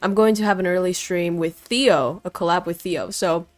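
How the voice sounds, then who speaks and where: A woman's voice: on the low side, moderate pace, dry recording, soft background music. Playful young woman streaming a game. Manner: chatty, switches languages, greets chat playfully. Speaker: vtuber streamer. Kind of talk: casual live-stream chat and reading aloud.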